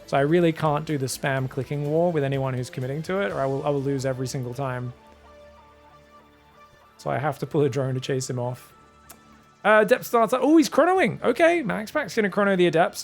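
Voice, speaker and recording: An Australian man provides solo esports commentary in a gravelly, somewhat high voice. He talks in a loose, thinking-aloud way and gets audibly excited at key moments. Soft music plays faintly underneath. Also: brisk. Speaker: esports caster.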